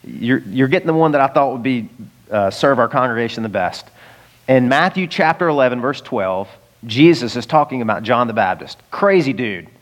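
A man preaching a sermon in a church, conversational and animated, with jokes and rhetorical questions. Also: mid-range voice, normal speed. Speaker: pastor.

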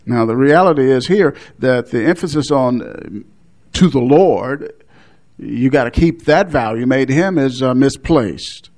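A man's voice: medium pitch, takes it slowly, a little mellow. A man preaching an expository sermon, explaining a Bible passage with frequent restarts and short laughs.

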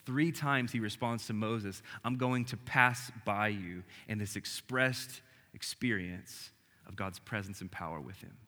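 A male pastor with a bright, forceful voice gives a conversational sermon, lively and casual at times and hushed at others. His voice rings through a hall with a long reverb tail. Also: lowish voice, unhurried. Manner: casual and animated, dropping to soft hushed tones. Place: church hall with audience.

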